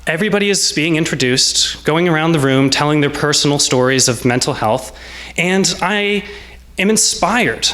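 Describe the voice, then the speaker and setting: A man in his twenties telling a personal story on stage, in a measured, reflective way with short present-tense lines. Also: fairly high pitch, lively intonation, pushed and bright. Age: 20s. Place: small salon event space.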